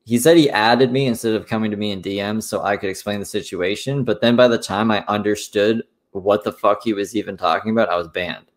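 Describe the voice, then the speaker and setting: A man's voice: fairly low pitch, brisk, few pauses. A man streamer recounting online drama in casual, rambling commentary, swearing freely.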